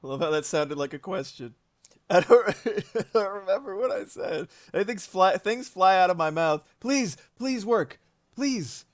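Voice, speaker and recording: A male streamer in casual live chat, his pitch sitting a bit high and swinging widely as he riffs. He talks in quick, animated asides and swears freely.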